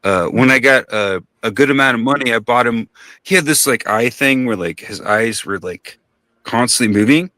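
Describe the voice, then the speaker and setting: Bright-voiced man telling a rambling story. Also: mid-range voice, moderate pace, no echo. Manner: rambling, profane, acts out quoted voices. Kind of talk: casual podcast storytelling.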